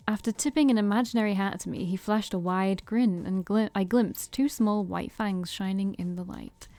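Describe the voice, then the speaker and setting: A woman's voice: mid-range voice, moderate pace, hardly any pauses, darkish tone, dry recording, soft background music. A woman playing a visual novel on stream, reading its narration aloud and breaking off to joke and laugh at it. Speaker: game streamer.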